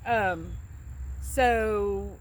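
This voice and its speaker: Very slowly and in a medium-pitched voice, a woman with a Southern US accent chats and tells stories with a laugh for an accent tag vlog. A little background noise can be heard.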